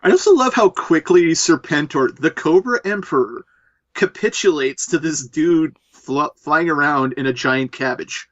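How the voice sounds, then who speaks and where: Animated, profane man on a lo-fi mic. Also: a little high, measured pace, no echo. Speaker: podcast host. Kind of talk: casual movie commentary.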